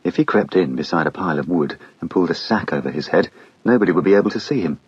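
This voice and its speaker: Low husky male audiobook narrator. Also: expressive, fast, no room sound, muffled recording.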